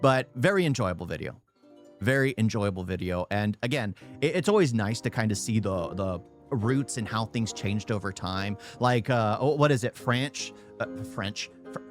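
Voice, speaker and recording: A young man streaming a reaction video, talking fast and loud, stuttering and repeating himself. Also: on the low side, expressive, faint music behind. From United States. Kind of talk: casual reaction commentary.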